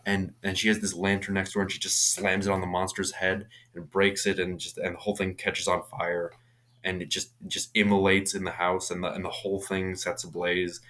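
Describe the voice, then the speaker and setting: A man's voice: deep voice, monotone, a little fast, a bit bright. A young man casually recapping a horror film, rambling with many restarts and casual swearing. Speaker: movie reviewer.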